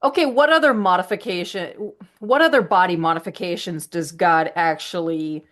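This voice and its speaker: A woman co-hosting a casual podcast who talks bluntly and cracks crude jokes. Her voice sits somewhat low. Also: moderate pace, fairly bright tone. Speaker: podcast co-host.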